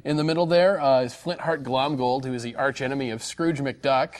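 A man's voice: mid-range voice, steady tone, a little fast. A man hosting a live weekly call-in program, talking casually with frequent fillers and restarts. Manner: chatty, many fillers and restarts. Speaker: host of a call-in show.

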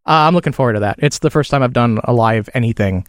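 A man hosting a talk radio show, chatting casually and joking with quick asides. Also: medium pitch, dry recording, clean studio sound.

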